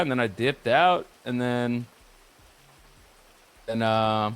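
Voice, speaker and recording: Guy telling a rambly sweary story, acts out what everyone said, mid-pitch voice. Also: a bit bright. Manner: rambling, profane, quotes others back and forth. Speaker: streamer recounting a roleplay session. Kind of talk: casual storytelling.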